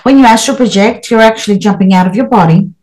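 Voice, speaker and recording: A woman's voice: mid-range voice, fast, darkish tone, rough recording. A middle-aged woman as an interview guest, talking earnestly and at length, with many restarts and fillers. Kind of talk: interview, spiritual experiences.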